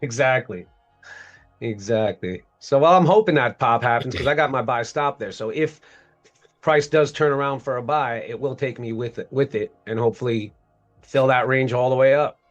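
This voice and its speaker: A man's voice: medium pitch, normal speed, highs cut off, soft background music. A man hosting a trading livestream, upbeat and explaining his trades step by step in casual chat.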